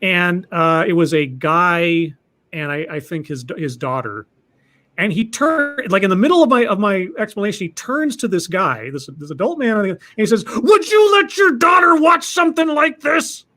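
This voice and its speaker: A man with a somewhat high voice tells a long story in a loose, casual way. He doubles back on his words, restarting phrases as he goes. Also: big pitch swings, moderate pace, a bit bright. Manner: rambling, with many restarts and repeated words. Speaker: podcast host telling a story.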